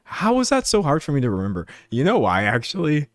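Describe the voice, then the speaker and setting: A man's voice: on the high side, wildly swooping pitch, quick pace, dry recording, clean studio sound. A young man chatting casually on a live stream, giggling and rambling as he talks to his chat.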